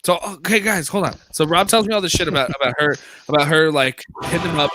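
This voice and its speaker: Bright-voiced rambling male podcaster. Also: a little high, animated, brisk. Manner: rambling storyteller, swears, restarts often. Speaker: podcast co-host. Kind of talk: casual chat.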